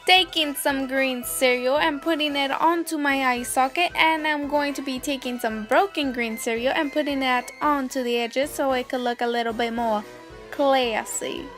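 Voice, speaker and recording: A woman's voice: high voice, normal speed, soft background music. A young woman giving step-by-step voice-over narration for a makeup tutorial. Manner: steady step-by-step instructions. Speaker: makeup vlogger.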